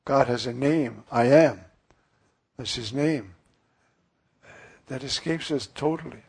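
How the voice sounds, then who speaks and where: Male priest preaching slowly; gravelly, husky tone, earnest and musing. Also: mid-range voice. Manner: earnest, musing, with frequent fillers. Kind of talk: sermon.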